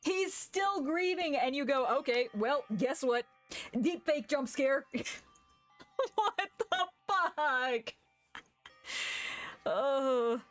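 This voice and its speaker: A woman streamer reading game dialogue aloud and reacting with loud, swearing outbursts and laughter. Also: high voice, expressive, extremely slow, pauses often, soft background music.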